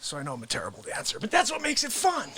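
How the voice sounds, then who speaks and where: A man's voice: high-pitched, wildly swooping pitch, very fast, pushed and bright, slight background noise. A man hosting a live variety show, chatting casually and joking at his own expense while out of breath. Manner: playful, self-mocking, upbeat. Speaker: host.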